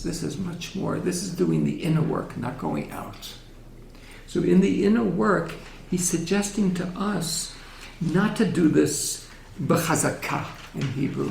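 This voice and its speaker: A man giving a gentle, reflective religious lecture in a synagogue hall, often asking his audience questions. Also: a little high, vocal fry, a little hiss or hum.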